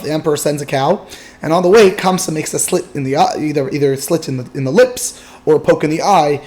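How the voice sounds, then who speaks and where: A man's voice: fairly high pitch, a little mellow. A man teaching by retelling a Talmudic story in a casual way, with frequent fillers and restarts. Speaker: Torah teacher.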